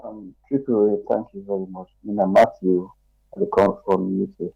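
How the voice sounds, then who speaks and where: A man calls into a talk radio show with a Sierra Leonean Krio accent. His voice is low, gravelly and dark. He makes his points forcefully, with faint music behind him. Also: steady tone, normal speed, dry recording, dull audio. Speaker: radio call-in caller. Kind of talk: call-in commentary.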